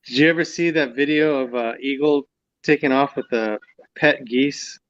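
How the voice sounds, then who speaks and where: A man's voice: medium pitch, normal speed, a bit bright, no echo. Man with short remarks, dull lo-fi sound. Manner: brief, agreeable interjections. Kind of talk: casual chat.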